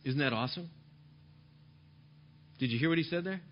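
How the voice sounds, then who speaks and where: A male pastor preaching a sermon emphatically, repeating key phrases and dropping to soft tones, on a dull lo-fi recording. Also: a little high, normal speed.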